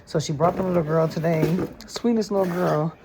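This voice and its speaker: A woman vlogging casually from her home, retelling her day in an animated, gossipy way. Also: fairly low pitch, brisk, background noise. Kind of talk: casual chatty storytelling. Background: smooth jazz and background voices.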